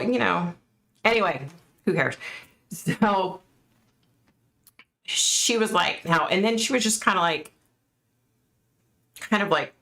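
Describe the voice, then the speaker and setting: Gravelly-voiced woman telling a story. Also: sits low. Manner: chatty, animated, acts out quoted voices. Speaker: host. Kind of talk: casual storytelling.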